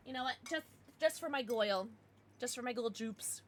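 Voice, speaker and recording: Woman streamer in her thirties, bubbly, laughs a lot, raised pitch, lively swoops while chatting with viewers. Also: brisk, heavy background noise. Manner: bubbly, laughs often, reacts to chat. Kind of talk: casual livestream chat.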